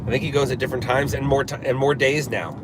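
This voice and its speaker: A man's voice: medium pitch, steady tone, fast. A man in his forties hosting a live stream from a car, chatting casually and rambling, with many fillers and restarts. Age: 40s. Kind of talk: casual chat. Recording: traffic noise behind.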